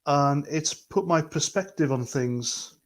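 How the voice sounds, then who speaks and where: A man's voice: a little high, slow pace. A man hosting a livestream, talking earnestly and rambling as he reads out chat comments. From Britain. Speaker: livestream host.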